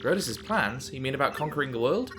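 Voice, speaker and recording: A man's voice: medium pitch, big pitch swings, brisk, music in the background, lightly acted. A man voicing a young captive princess, anxious and kind, asking pleading questions.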